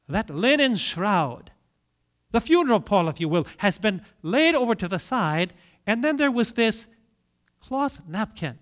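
Telling his sermon as a dramatic story, the preacher speaks in a lively, high-pitched male voice, pausing for effect and letting his loudness rise and fall.

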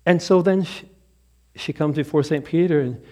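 A male pastor telling a joke in a lively storytelling manner within a sermon. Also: a little high, moderate pace. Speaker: Lutheran pastor.

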